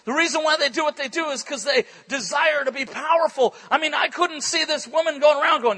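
A male preacher telling a story in an animated, excitable sermon at a church conference, breaking into bursts of shouting. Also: very high-pitched, fairly quick, few pauses, low-quality recording.

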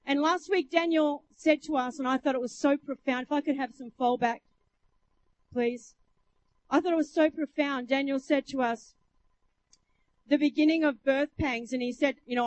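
A woman's voice: high voice, slight background noise, low-quality recording. A woman preacher at a church service, reading scripture and teaching emphatically into a handheld mic. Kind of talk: sermon.

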